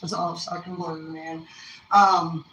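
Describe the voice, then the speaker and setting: A woman's voice: lowish voice, little pitch movement, measured pace, fairly bright tone, dull audio. A young woman telling rambling, profane personal stories in a casual, laid-back way. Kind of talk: casual storytelling. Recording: roomy echo, mic at a distance, faint noise.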